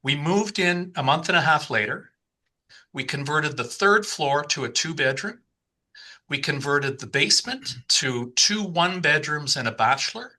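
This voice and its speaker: A man in his sixties, speaking with a rather high, sharp voice, tells a long personal story as a podcast guest. He often repeats words and starts his sentences over.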